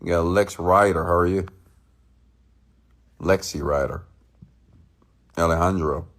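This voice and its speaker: A man's voice: low voice, fairly even intonation, a little slow, a bit bright. A man hosting a live stream, ranting bluntly and preachily at his viewers, often checking in with "okay?" and reading out their comments. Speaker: host.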